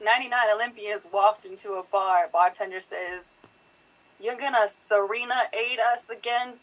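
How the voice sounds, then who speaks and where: A woman telling quick pun jokes in an online improv game over a video call. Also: mid-range voice, rough recording. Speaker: improv player. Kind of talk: quick-fire joke telling.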